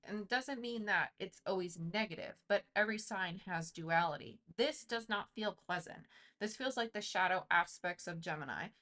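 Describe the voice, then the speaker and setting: A woman's voice: medium pitch, normal speed, bright, forceful tone. A woman giving a casual tarot reading, chatty and intuitive, thinking aloud with lots of fillers. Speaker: tarot reader.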